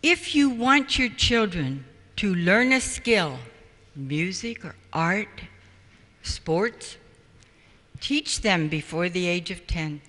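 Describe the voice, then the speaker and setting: A man's voice: high voice, animated, slow, bright, forceful tone. A man giving a public talk on parenting. He tells stories animatedly and acts out the quotes. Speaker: parenting speaker. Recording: echoey hall from far off, faint noise.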